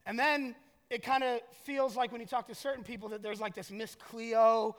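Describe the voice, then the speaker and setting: A man's voice: very high voice, fairly even intonation, moderate pace, a bit bright. A man in his thirties, a pastor preaching a sermon in a casual, joking storytelling way, in a large church hall.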